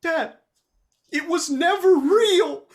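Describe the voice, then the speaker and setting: Woman doing a shrill young male hare. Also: slow pace, full character voice. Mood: indignant. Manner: indignant, high-pitched outbursts.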